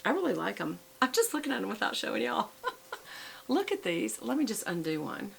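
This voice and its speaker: A woman's voice: on the high side, very animated, fairly quick, vocal fry, a bit bright, slight background noise, rough recording. A middle-aged woman, chatting casually in a show-and-tell vlog and rambling with fillers and self-corrections. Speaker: vlogger.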